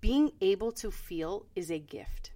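A woman's voice: medium pitch, animated, a little slow, mellow. A woman co-hosting a podcast in casual chat, blunt and frank and swearing freely. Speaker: podcast co-host.

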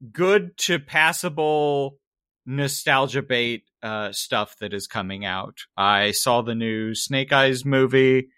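A man's voice: mid-range voice, pushed and bright, clean tone, no room sound, clean studio sound. A man co-hosting a casual podcast, easygoing and laughing readily. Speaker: podcast co-host. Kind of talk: casual chat.

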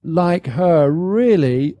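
A man's voice: fairly high pitch, expressive, drawn-out words, mellow. A man from Britain being interviewed about his book at a live event, talking casually with many restarts and repeated words. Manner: hesitant, repeats words, self-correcting. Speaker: author guest. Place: live event before an audience.

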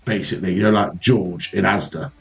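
A man co-hosting a casual podcast, telling an animated, heavily sweary story about his youth. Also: deep voice, fairly quick, creaky, soft background music. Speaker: podcast co-host.

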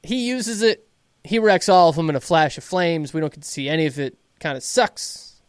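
A man with a fairly high voice recaps the plot for his co-hosts in relaxed, swearing chat. He drops in quick mock quotes from the characters as he goes. The sound is close and dry, with no room around him. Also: clear, resonant tone, dry recording. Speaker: podcast co-host recapping an episode. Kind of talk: casual profane recap chat.

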